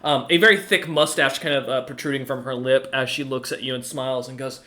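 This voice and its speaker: A man's voice: mid-range voice, fairly even intonation, a little fast, few pauses, bright, forceful tone. A man narrating a tabletop game as game master, rambling with lots of ums and uhs.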